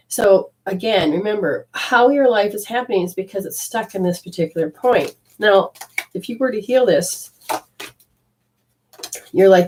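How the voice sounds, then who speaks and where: A woman's voice: mid-range voice, moderate pace, a little mellow, slight background noise, poor audio. A woman giving an intuitive card reading to a caller. She rambles and restarts often, and affectionately calls her listener honey. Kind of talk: spiritual reading and coaching.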